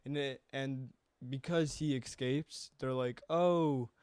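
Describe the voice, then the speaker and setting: A young man talking through a film in loose, rambling podcast chat, with the odd swear. His voice is smooth and resonant, and his pitch sits mid-range. The sound is close and dry. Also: fairly even intonation, takes it slowly, darkish tone, no room sound. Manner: casual, rambling, swears freely. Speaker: podcast co-host. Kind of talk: casual chat.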